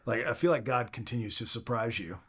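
A man's voice: medium pitch, fairly quick, a bit bright, husky. A man hosting an interview, giving short encouraging reactions and follow-up questions. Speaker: podcast host.

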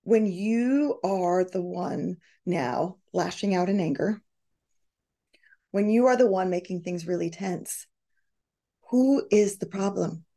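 A woman's voice: on the low side, slow. A middle-aged woman hosting a coaching session, reading out participants' comments and acting out quoted voices. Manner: animated, reads out group comments, acts out quoted voices. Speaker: podcast host and coach. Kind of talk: coaching talk to a live group.

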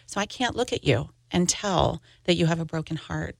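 A middle-aged woman speaks in a low voice with a gravelly edge, open and candid as she tells her story. She is a grief coach talking as a podcast guest. The sound is dry and close. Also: animated, normal speed, no echo. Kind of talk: podcast interview.

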